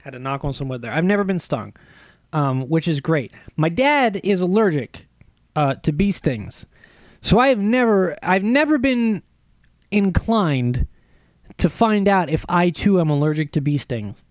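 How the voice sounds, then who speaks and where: A man livestreaming, telling a long story in a profane, animated, self-mocking way. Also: fairly high pitch, a little slow, dry recording. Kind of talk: casual storytelling stream chat.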